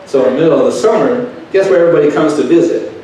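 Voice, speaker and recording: Preaching in a folksy, conversational style, a middle-aged man shares personal stories and puts questions to the crowd. His voice is a little high and mellow, and he races along, captured from far off in an echoey hall.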